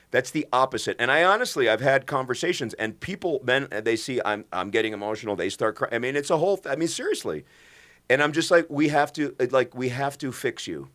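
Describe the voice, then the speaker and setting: A man's voice: medium pitch, fairly bright tone. A middle-aged man co-hosting a podcast as a doctor, talking earnestly and emphatically with many restarts. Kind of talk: impassioned podcast talk.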